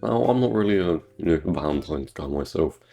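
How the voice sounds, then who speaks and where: A man's voice: deep voice, animated, brisk, creaky, dark tone. A British man giving crude, sarcastic, joke-filled gameplay commentary on his own channel. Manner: crude, sarcastic jokey rambling. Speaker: gaming YouTuber.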